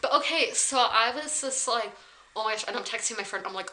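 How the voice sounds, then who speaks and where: A young woman from South Carolina tells a story to a camera on a tripod, rambling along with plenty of "like" fillers. Her voice is bright and sits a little high for a woman, with a casual, chatty vlog delivery. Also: brisk, a little hiss or hum, low-quality recording. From South Carolina, USA. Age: 20s. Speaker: vlogger.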